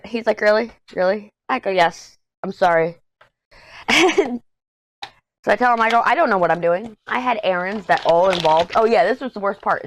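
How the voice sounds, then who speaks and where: On the low side, with a little hiss or hum in the recording, a Texan woman's voice rambles through stories while she does diamond painting for her craft vlog in a casual chat.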